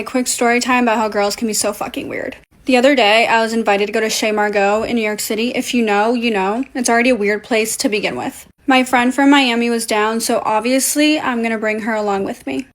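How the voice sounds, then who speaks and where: A young woman whose first language is Portuguese tells a casual story bluntly, with profanity and animation. Her voice is fairly high.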